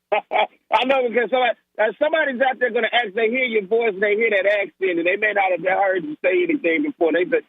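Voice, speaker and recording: A man's voice: high voice, lively intonation, fast, dry recording, narrow, tinny audio. A man hosting a sports talk show, upbeat and laughing easily, often calling his guest Coach. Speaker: radio show host.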